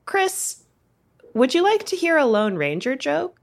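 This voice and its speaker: A woman's voice: high-pitched, sing-song, unhurried, creaky. A woman co-hosting a film podcast in casual chat, upbeat and chatty, and she laughs often. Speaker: podcast co-host.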